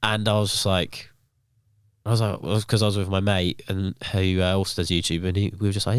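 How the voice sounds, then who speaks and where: A young man talking casually as a podcast guest, rambling through stories and filling the gaps with "um" and "like". His voice sits low and comes out smooth and clear. The sound is dry and close. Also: level tone, fairly quick, dry recording. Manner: rambling, filler-heavy storytelling.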